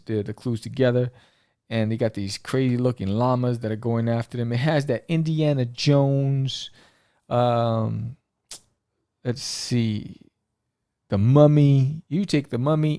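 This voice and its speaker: Rambling, gravelly man reviewing comics. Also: medium pitch, no echo, clean studio sound. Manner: excitable, rambling, full of fillers and restarts. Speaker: podcast host reviewing comic books. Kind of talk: casual comic book review.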